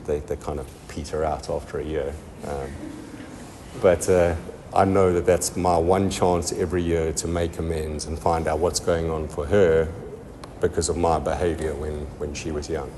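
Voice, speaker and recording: Halting man sharing his recovery story. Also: very deep voice, steady tone, warm tone, big-room sound, a little hiss or hum. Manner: halting, many ums and restarts. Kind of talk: personal testimony.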